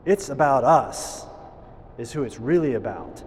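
A man preaching a homily in a relaxed, conversational way, often halting and restarting his phrases, in a church. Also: medium pitch, big-room sound, a little hiss or hum. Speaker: priest.

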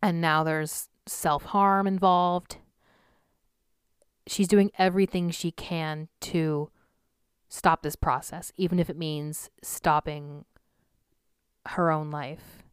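A woman with a lowish, smooth, clear voice talks through a film's story in a loose, chatty way. She rambles, restarts sentences and sighs often. The sound is dry and close, with no room echo. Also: steady tone, slow pace, long pauses. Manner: rambling, many fillers and restarts, audible sighs. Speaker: film reviewer. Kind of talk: casual spoken movie recap.

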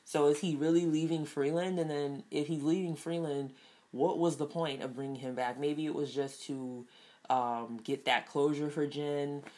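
A woman's voice: low-pitched, steady tone, moderate pace, dark tone. A woman casually reviewing a TV episode, chatty, with lots of fillers and frequent laughs. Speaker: TV show reviewer.

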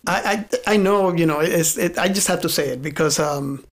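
A male co-interviewer speaking in an excited, halting way. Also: fairly high pitch. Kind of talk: casual interview chat.

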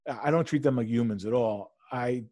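A man's voice: mid-range voice, moderate pace, dry recording, studio quality. A man in casual chat telling a story with lots of swearing, acting out both sides of a phone call. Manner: profane, animated storyteller who acts out both sides of a call.

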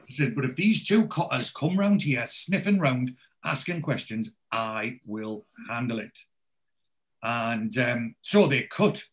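A man on a podcast, recapping a TV series in casual chat, quoting the characters' dialogue with lots of fillers and restarts. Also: medium pitch. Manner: animated storyteller, many fillers and restarts. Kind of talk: casual chat, retelling scenes with quoted dialogue.

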